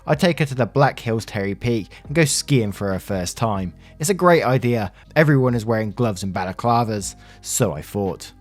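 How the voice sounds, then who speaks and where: Male narrator, mid-pitched, wry and profane, reads stories with faint music behind. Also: lively intonation. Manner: wry, swears freely, quick asides. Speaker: reddit story narrator. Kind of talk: casual story narration with commentary.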